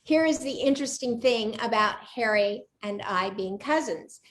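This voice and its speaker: A woman's voice: on the high side, lively intonation, normal speed. A woman in her sixties hosting a live online chat show over a video call, bubbly and chatty, laughing often. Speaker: host of a live cooking show interview.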